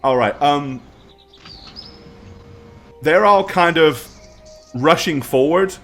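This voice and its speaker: A man narrating a tabletop game as game master, in an animated way with many ums. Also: on the high side, slow, faint music behind.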